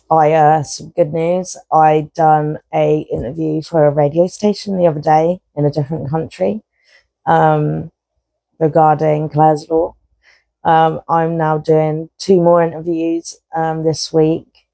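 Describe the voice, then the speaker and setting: A woman's voice: sits low, flat delivery, slow, vocal fry, mellow, no echo, rough recording. A woman hosting a podcast, talking frankly and rambling with lots of fillers and casual swearing. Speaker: podcast host. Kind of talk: candid personal monologue.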